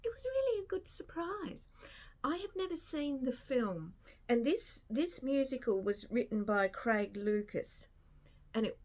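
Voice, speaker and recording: A woman's voice: medium pitch, a little mellow. A woman chatting casually and enthusiastically about a show she saw, rambling a little with frequent restarts. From not American. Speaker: film review vlogger. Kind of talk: casual spoken review.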